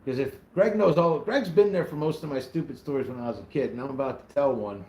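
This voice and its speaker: A man's voice: mid-range voice, fast, a little hiss or hum. A man in his forties, a channel host, casually telling a story on a livestream, laughing as he goes and greeting viewers by name. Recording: roomy echo with loud guitar music.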